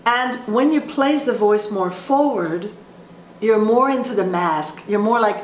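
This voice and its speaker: A woman voice teacher explaining vocal placement in a slow, halting way, often restarting her sentences. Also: mid-range voice. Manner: explains slowly with frequent restarts. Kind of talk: instructional talk with sung demonstrations. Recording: roomy echo with faint ambient noise.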